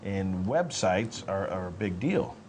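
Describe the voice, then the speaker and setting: A man's voice: low-pitched, lively intonation, slow, a little mellow, slight background noise. A man hosting a local talk show, asking questions and prompting his guest in an affable way. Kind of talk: casual talk show interview.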